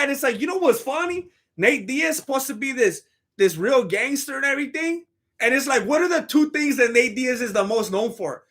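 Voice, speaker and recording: Chatting casually about fights on a live stream, this man rambles, jokes and uses slang as he reads messages from his chat. His voice is very high and a bit bright, with lively intonation at a moderate pace.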